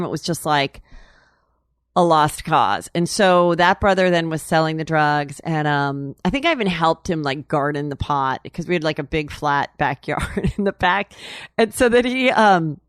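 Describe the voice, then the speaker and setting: A woman's voice: sits low, no echo, clean studio sound. A woman talking as an interview guest, rambling and candid, full of "like" and "you know". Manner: chatty and candid, laughs while telling. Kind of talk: casual storytelling interview.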